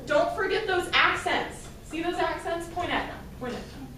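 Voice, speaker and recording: A woman with a very high-pitched voice teaches a school band class at a moderate pace, upbeat and encouraging as she counts the players in. The classroom recording is roomy, distant and noisy.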